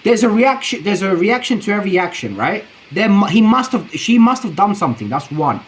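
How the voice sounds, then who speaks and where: A man's voice: sits high, very animated, fairly quick, rough recording. A man streaming his reaction to a video, talking in a rambling, profane, slang-heavy way. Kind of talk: casual reaction commentary.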